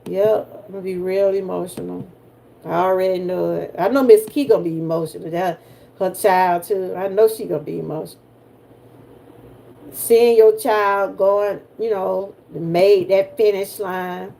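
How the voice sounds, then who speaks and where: A woman's voice: medium pitch, steady tone, a little slow, gravelly, dark tone. An older woman with a Southern US accent, from Georgia, hosting a casual livestream chat and talking straight to her viewers in a folksy way. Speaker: livestream host.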